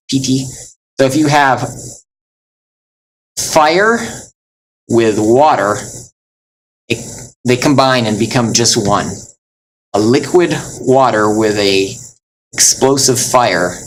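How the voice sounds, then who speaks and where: A man teaching Latin in a recorded lesson, explaining step by step with many fillers and slowing down to spell out words. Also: medium pitch, slight background noise, poor audio.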